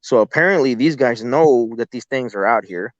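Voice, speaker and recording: A man's voice: medium pitch, animated, normal speed, dry recording. A man casually telling a long story as a guest, swearing freely and rambling with restarts. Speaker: guest telling encounter stories. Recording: slightly dull lo-fi audio.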